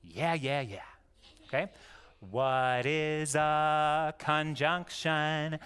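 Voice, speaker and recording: Slow, smooth-voiced man teaching kids. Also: fairly high pitch, steady tone, fairly bright tone. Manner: goofy, jokey, coaxing. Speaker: homeschooling parent teaching his daughters. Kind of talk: playful lesson for young children.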